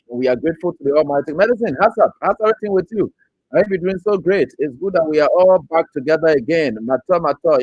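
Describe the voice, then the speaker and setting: A man's voice: on the high side, darkish tone, slightly rough, no echo, dull audio. A man from Liberia hosting an online talk show, greeting viewers by name and mocking his critics. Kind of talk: casual political commentary.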